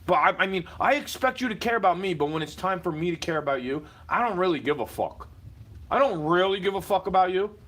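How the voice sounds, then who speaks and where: A man ranting at the camera from his home, profane and confrontational, shouting at times. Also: high-pitched, lively intonation, fast. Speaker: livestreamer. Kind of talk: angry rant to camera. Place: indoors, home.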